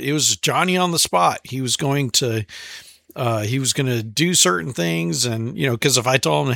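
A man on a parenting panel who talks about his own kids in a relaxed, halting way and acts out his son's voice. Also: medium pitch, vocal fry, no echo, studio quality. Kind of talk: casual discussion.

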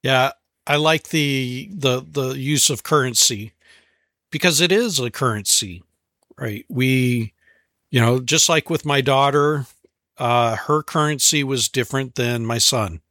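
A man on a parenting panel who talks about his own kids in a relaxed, halting way and acts out his son's voice. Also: medium pitch, no room sound, clean studio sound. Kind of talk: casual discussion.

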